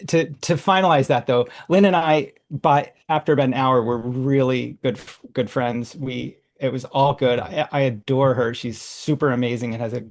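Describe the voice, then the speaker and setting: A man hosting a workshop, telling a casual, animated story full of restarts and laughs. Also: medium pitch, moderate pace, few pauses. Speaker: workshop host.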